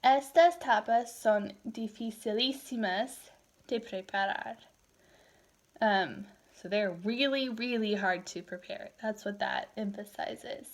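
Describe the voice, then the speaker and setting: A woman in her thirties gives a recorded language lecture, moving easily between English and Spanish. Her voice sits a little high and sounds tired, and she talks in a loose, chatty way. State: tired, yawning. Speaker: Spanish teacher.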